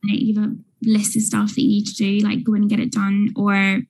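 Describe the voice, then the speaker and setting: Podcast guest: young woman, breathy, chatty, loose delivery. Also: mid-range voice, completely flat delivery, brisk, a little mellow, low-quality recording. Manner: chatty, lots of fillers. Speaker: guest, small business owner. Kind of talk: casual podcast chat.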